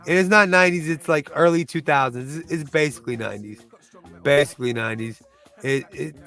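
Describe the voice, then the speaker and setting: A man's voice: fairly high pitch, fairly bright tone. A man who reviews movies chats casually through a countdown, rambling loosely, restarting and groping for names.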